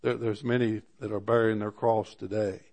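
A man preaching a sermon, animated and rising in pitch for emphasis, often restarting his phrases. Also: moderate pace. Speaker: pastor.

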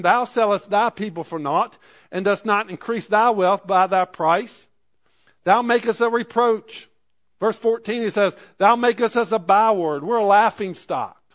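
A man with a high, fairly bright voice preaches a sermon, reading scripture aloud and then paraphrasing it in plain, everyday speech.

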